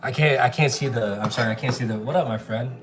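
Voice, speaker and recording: A man's voice: mid-range voice, quick pace. A man livestreaming as he cooks, chatting casually and answering viewer comments, calling people bro and dude. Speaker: chef livestreaming while cooking. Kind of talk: casual live-stream chat while cooking.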